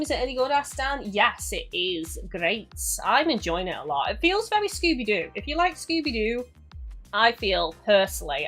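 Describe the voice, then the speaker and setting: A woman's voice: fairly high pitch, a bit bright. A young woman streaming a game, chatting in a bubbly, giggly way to her viewers. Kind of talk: casual live-stream commentary.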